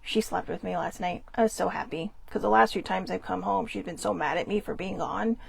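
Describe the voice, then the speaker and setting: A young woman hosting a casual solo talk show from home, chatty and rambling, loud and theatrical. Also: medium pitch, brisk, vocal fry, slightly rough. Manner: chatty, rambling and expressive, laughs often; calls herself loud and theatrical. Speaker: host. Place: at home in her bedroom.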